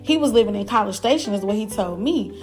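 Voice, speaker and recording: A young woman hosting a podcast, telling a personal story in a blunt, animated, profane way and talking straight to her listeners. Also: mid-range voice, fast talker, soft background music. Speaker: podcast host. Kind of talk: casual storytelling.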